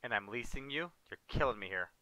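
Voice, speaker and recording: A man's voice: mid-range voice, animated, brisk, bright, forceful tone, dry recording. A man hosting a livestream, chatting casually as he plays a farming game and grumbling now and then. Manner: chatty, talks to chat and co-players, mild exasperated outbursts. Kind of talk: casual gameplay commentary.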